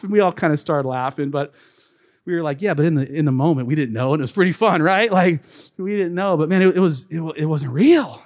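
Animated male pastor, high-pitched, preaching in a reverberant church hall; storytelling sermon with shouted peaks. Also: brisk. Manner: animated storyteller, acts out quotes, bursts into shouts. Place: church sanctuary.

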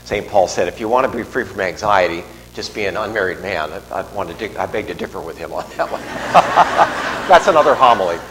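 In a church, a middle-aged priest gives a homily in a conversational, digressive style, with restarts and asides. His deep voice is animated and brisk, and the recording carries long reverb from the large church and a faint hum.

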